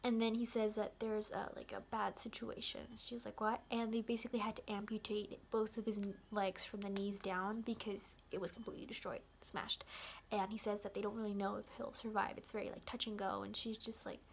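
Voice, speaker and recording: A young woman casually recapping a film's ending, rambling with lots of "like" and excited asides. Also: mid-range voice, brisk, creaky, a little hiss or hum. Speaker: vlogger.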